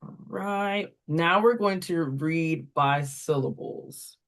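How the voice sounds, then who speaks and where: A reading tutor runs a phonics walkthrough at an unhurried pace, giving short, deliberate prompts. Each word is spelled out and then given an example, with the occasional quicker aside to explain how to run the drill. The voice sits at a middle pitch. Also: a bit bright. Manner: slow, deliberate call-and-response prompting.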